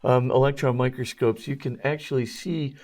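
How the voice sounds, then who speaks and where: A Jesuit priest and scholar appears as a guest on an interview show, explaining technical details haltingly with plenty of ums and uhs. His mid-range voice is somewhat dark in tone, with fairly even intonation.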